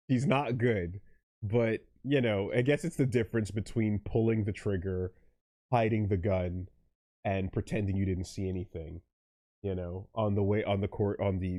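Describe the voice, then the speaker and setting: A man's voice: low voice, no room sound, studio quality. A man hosting a casual let's play, rambling and restarting his sentences as he chats about the game. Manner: rambling, self-interrupting, bursts into loud laughter. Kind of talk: casual gaming commentary.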